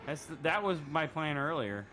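A man's voice: on the high side, big pitch swings, moderate pace, bright, forceful tone, a little hiss or hum. A man co-hosting a let's-play, playing and venting his frustration while swearing and making excuses. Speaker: gaming channel co-host. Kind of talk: casual let's-play commentary.

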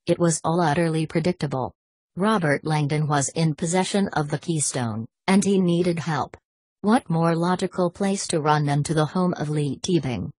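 A woman narrating a novel as an audiobook in a steady, measured reading. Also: low-pitched, slightly rough, dry recording, poor audio. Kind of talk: scripted narration.

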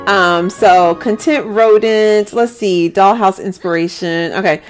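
A woman's voice: mid-range voice, a little slow, clean tone, soft background music. A woman giving chatty, giggly let's-play commentary on a life-simulation game, talking straight to her viewers.

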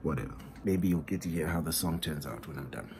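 A man's voice: rumbling low, expressive, quick pace, background noise. A South African man, an independent hip hop artist, chatting candidly and rambling in a casual vlog recorded on a cell phone at home. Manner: rambling, candid and self-deprecating. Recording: music playing in the background.

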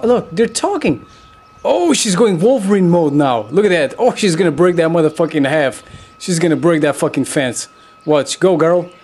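A man with a slightly high voice riffs over a video clip in loose, foul-mouthed commentary. He gets excitable, chuckles to himself and keeps urging the viewer to look at what's on screen. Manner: excitable, swearing constantly, chuckling, repeats "look at that".

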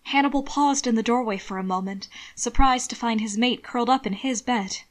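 Woman narrating a story calmly. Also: fairly high pitch, fairly quick. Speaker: audiobook reader. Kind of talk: reading fan fiction aloud.

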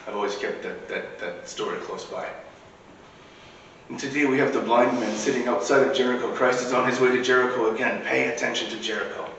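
A man's voice: medium pitch, fairly even intonation, a little fast, a bit bright, lo-fi sound, a little hiss or hum. Man preaching in an echoey church. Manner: conversational preaching with asides. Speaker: priest. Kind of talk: sermon. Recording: echoey church recording from far off.

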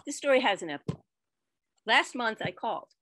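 Bright-voiced woman telling an expressive story. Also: fairly high pitch, quick pace, dry recording. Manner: expressive, dramatic swings in loudness. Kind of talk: storytelling performance.

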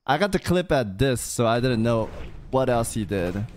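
A man's voice: medium pitch, sing-song, normal speed, slight background noise. A young man streaming casually, reacting to a clip in a laid-back, teasing way. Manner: laid-back, says "dude" a lot, teasing.

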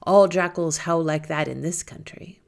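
A woman's voice: deep voice, steady tone, moderate pace, creaky. A woman voicing a wicked robber who brushes off questions in an offhand, dismissive way. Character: wicked rich robber posing as uncle.

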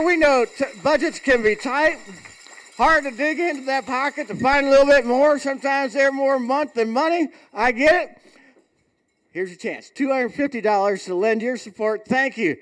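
Man, very high voice, playful fundraiser host with country banter. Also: fairly bright tone. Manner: joking, playful hillbilly shtick. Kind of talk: folksy live fundraiser emcee. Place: event hall with audience.

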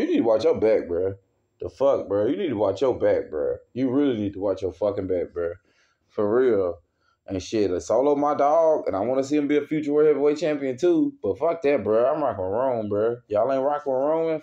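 A man's voice: mid-range voice, dark tone. A man angrily ranting as a wrestling fan, heavy with profanity and worked up. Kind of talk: casual rant. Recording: dull lo-fi recording.

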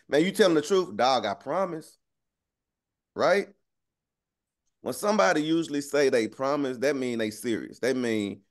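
A young man preaching a relaxed, slangy sermon, often laughing and checking in with his listeners. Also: mid-range voice. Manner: conversational, keeps asking "right?". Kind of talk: casual street-talk sermon.

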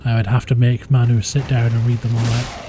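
A man streaming a game live, chatting casually with viewers in a low-key, easygoing way. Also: monotone, brisk, background noise. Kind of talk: casual live-stream chat while gaming. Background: game music.

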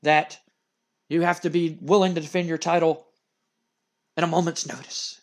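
A man's voice: on the high side, steady tone, normal speed, close to an everyday voice. A man voicing a bossy middle-aged male wrestling promoter who talks in a curt, dismissive way.

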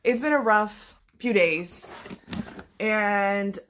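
A young woman chatting casually in a book vlog, excitable and gushing, swearing often. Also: medium pitch, drawn-out words, heavy background noise. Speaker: book vlogger.

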